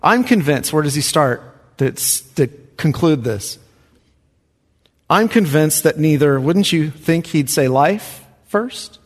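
A male pastor preaching a sermon, emphatic, his voice surging loud and then dropping to a hush. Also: a little high, animated, slow. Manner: emphatic, swinging from loud rises to hushed drops. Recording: reverberant hall.

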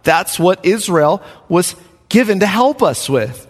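A man preaching a Bible study sermon, emphatic and animated, chuckling between points. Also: sits high, a little slow. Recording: long hall reverb.

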